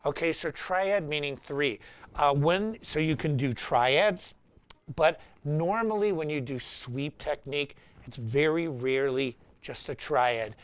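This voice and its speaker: A middle-aged man hosting a live-streamed guitar lesson and talking in an animated, rambling, anecdotal way. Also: on the high side, measured pace, clean tone. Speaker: guitar teacher and show host.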